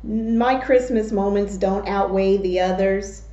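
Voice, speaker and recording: Slow-talking woman telling stories, echoey room. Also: mid-range voice, dull audio. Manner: animated, slow and drawn-out when telling stories. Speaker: mukbang vlogger. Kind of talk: casual storytelling.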